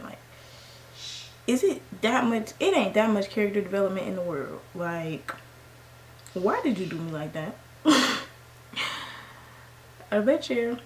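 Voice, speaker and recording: A woman's voice: medium pitch, slight background noise, poor audio. A young woman vlogger telling a story in casual slang while she does her makeup, acting out what each person said. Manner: animated, slangy, acts out quoted lines. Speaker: beauty vlogger.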